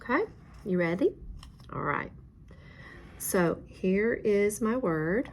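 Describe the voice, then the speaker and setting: A woman's voice: mid-range voice, lively intonation, slow pace, long pauses. A woman teacher giving a reading lesson, patient and encouraging, praising each answer. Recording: faint background noise.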